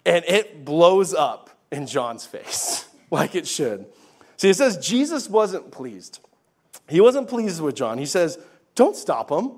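A male pastor preaching a sermon in a chatty, animated way with laughing asides. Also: fairly high pitch, takes it slowly.

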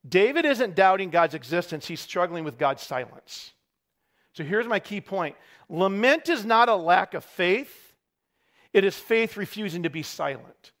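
In a high voice, a middle-aged man delivers a sermon as a pastor. His preaching rises to shouted climaxes, with dry parenting remarks tucked in between.

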